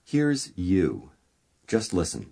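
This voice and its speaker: A man narrating a language course in a calm, measured instructor's manner, prompting the learner to repeat. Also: low-pitched, vocal fry.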